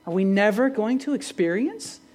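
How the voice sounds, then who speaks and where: A woman's voice: mid-range voice, animated, moderate pace, a little mellow. A pastor delivering a sermon in an earnest way, often asking the congregation questions and lifting her voice on the key phrases. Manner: asks the congregation rhetorical questions.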